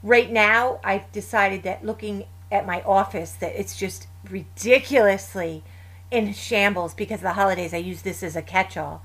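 A woman in her fifties, a guest in a casual chat, telling lively stories and acting out family voices with laughs. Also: medium pitch, normal speed.

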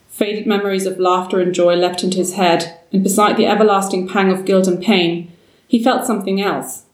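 A woman narrating a story aloud in a measured, steady way. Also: mid-range voice. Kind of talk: storybook reading. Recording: roomy, distant mic.

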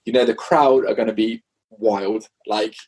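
A man, a pop punk musician guest, telling tour stories in an animated, swearing, casual way. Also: fairly low pitch, unhurried, slightly rough, low-quality recording. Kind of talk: casual interview chat.

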